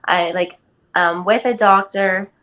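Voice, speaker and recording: A woman's voice: mid-range voice, steady tone, takes it slowly, fairly bright tone, poor audio. An eighteen-year-old woman from California, telling a personal story as a podcast guest in a casual way, full of "like" and "um". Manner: chatty, many "like" and "um" fillers. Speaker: guest athlete.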